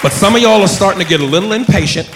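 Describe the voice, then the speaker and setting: A man's voice: sits high, expressive, very fast, crowd noise. Man, stand-up comic, punchy delivery, roomy club, audience noise. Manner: punchy delivery with bursts of shouting. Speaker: stand-up comedian. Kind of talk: stand-up comedy routine. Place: comedy club stage with audience.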